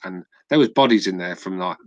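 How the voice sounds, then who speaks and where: Chatty English man, lowish voice. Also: fairly quick, no echo, dull audio. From England. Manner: chatty storyteller, swears casually. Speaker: podcast co-host. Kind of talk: casual podcast chat.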